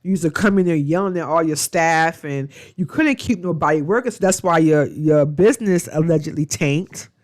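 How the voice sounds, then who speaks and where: A woman's voice: sits low, normal speed, hardly any pauses, darkish tone. A woman reviewing a reality show in a casual, gossipy vlog, blunt and profane with rambling asides.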